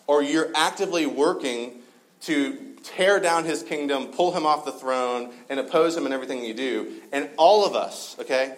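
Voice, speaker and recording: A man preaching a conversational sermon to a live gathering, relaxed and full of fillers and joking asides. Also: mid-range voice, low-quality recording.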